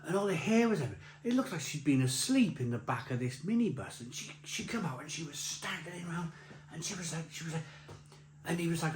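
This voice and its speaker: This beer vlogger has a fairly high pitch and talks fast and expressively, laughing through a rambling anecdote with many restarts. Recorded at a beer festival, the clip has a roomy echo, faint ambience, and a little hiss or hum.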